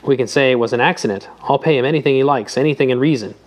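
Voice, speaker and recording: A man doing a desperate old man in a hoarse whisper. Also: medium pitch, very fast, natural voice. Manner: urgent, pleading.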